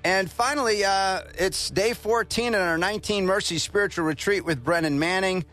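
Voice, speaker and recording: A man hosting a morning radio show, reading daily history items and a devotional in a plain, steady way. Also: high-pitched, normal speed, soft background music. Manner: reads with plain, steady delivery and fillers.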